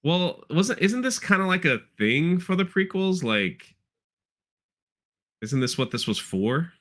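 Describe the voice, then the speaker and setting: A man hosting a casual podcast chat, his voice pitched a bit high with a bright, forceful edge. He rambles through a story recap, trailing off with loose asides and dropping into quick playful impressions of the characters. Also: very animated. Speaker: podcast host.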